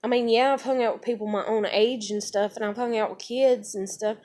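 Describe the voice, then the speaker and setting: High-voiced, blunt woman. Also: fairly even intonation, fairly quick, darkish tone. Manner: blunt, heavy swearing, many fillers. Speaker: vlogger. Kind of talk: casual storytelling to camera.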